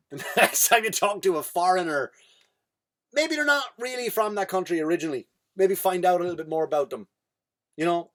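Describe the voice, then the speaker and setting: Irish man, comedy podcast host, swearing, rambling monologue, a bit high-pitched. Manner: profane, rambling, full of restarts.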